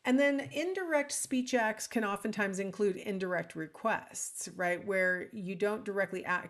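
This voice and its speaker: A woman's voice: mid-range voice, moderate pace. A woman instructor giving a casual, conversational recorded lecture, with frequent ums and asides to the listener. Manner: acts out example lines in different intonations. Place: alone at home or office, speaking to a recording.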